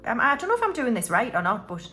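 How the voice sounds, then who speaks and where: Counting banknotes aloud, a UK budgeting vlogger chats to her viewers, addressing them as guys. She talks fast in a fairly high, pushed and bright voice with huge pitch swings, and faint music plays behind her.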